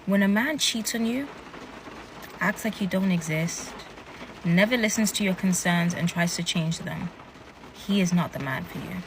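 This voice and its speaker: A woman's voice: lowish voice, a little slow, noisy background. A woman giving matter-of-fact relationship advice.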